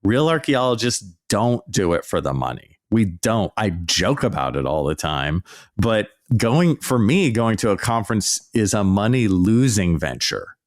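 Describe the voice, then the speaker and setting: A man hosting a podcast as an archaeology professor, ranting in a sarcastic, mocking, animated way. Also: fairly low pitch, a little slow, dry recording, studio quality. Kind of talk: casual ranting commentary.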